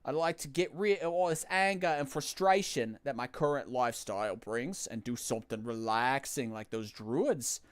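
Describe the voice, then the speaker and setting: A man's voice: medium pitch, unhurried, few pauses, no room sound, clean studio sound, lightly acted. A man voicing a tough-talking male gangster who secretly feels unfulfilled, in a put-on gangster accent that slips. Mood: wistful.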